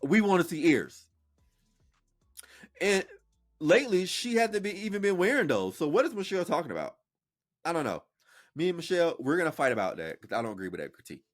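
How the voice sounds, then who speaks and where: Animated, sassy male podcast host. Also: on the high side, brisk, pauses often, faint music behind. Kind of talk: casual reaction commentary.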